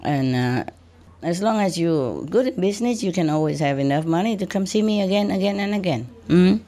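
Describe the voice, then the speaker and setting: A woman's voice: lowish voice, animated, a little fast, dark tone. Laughing, teasing woman giving advice. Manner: laughing, teasing, broken English. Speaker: spiritual teacher. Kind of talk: casual advice talk.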